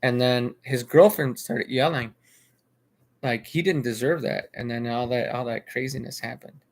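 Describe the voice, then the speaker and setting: A man's voice: medium pitch, steady tone, moderate pace. A man casually recounting a video he watched, rambling, restarting his sentences and repeating himself. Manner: rambling with frequent restarts and filler. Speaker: vlogger. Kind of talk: casual spoken commentary.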